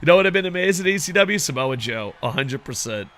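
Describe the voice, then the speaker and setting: A man giving casual, excitable video game commentary, swearing constantly and talking to his viewers as "boys.". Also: fairly high pitch, fast. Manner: excitable, heavily profane, addresses viewers as boys. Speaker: gaming commentator.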